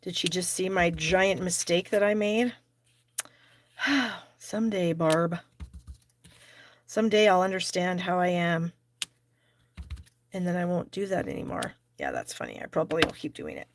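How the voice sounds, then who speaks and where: A woman's voice: on the low side, unhurried, long pauses. A middle-aged woman hosting a live card-stamping class, chatty and self-deprecating as she talks herself through each step. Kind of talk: live crafting demonstration.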